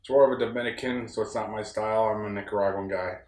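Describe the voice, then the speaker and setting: A young man from upstate New York rambles through a casual solo talk in a plain, folksy way. His voice sits on the low side. It carries a noticeable roomy echo from the room on the ranch where he records. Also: fairly even intonation, quick pace, darkish tone. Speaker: podcast host.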